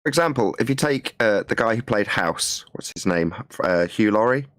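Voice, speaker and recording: A man with a mild Midlands accent chats easily on a podcast, laughing between his points. His voice sits low, and the sound is close and dry. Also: lively intonation, normal speed, a bit bright, no room sound. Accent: mild English Midlands. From England. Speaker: podcast co-host. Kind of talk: casual chat.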